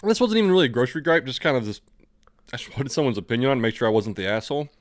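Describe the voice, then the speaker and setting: Fast-talking man in dry casual chat. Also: mid-range voice, lively intonation, no room sound. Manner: rambling anecdotes with acted-out inner voice, casual swearing. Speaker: podcast co-host.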